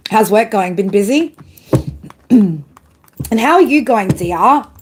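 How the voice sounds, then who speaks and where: A woman's voice: medium pitch, expressive, slow, noisy background. A woman doing a live-stream tarot reading, ranting bluntly with heavy swearing and chatting to viewers. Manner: blunt, heavily profane ranting. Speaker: tarot reader.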